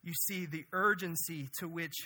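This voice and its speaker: A man preaching a conversational, energetic sermon as pastor, often asking "right?". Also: on the high side, moderate pace.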